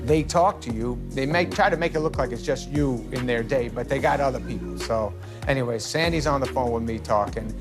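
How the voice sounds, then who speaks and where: A man, a guest on a talk show, telling comic family stories with lively shouted quotes. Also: fairly quick, music in the background. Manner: animated, jumps into high shouted voices for quotes. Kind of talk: comedic storytelling.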